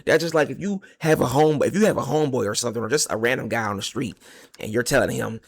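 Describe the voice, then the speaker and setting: A man's voice: mid-range voice, expressive, fast, breathy edge, no room sound. A man who works in food delivery and trucking, giving his opinion in a joking, rambling way with slang and long analogies. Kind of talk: casual opinion monologue.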